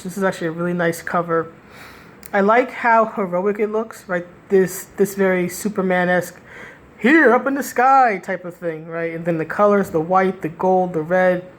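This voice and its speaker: A woman's voice: on the low side, slight background noise. Sardonic woman rambling through a review. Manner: rambling, frequent restarts and "right?" asides; sardonic, critical. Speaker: comic book reviewer. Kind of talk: casual spoken review.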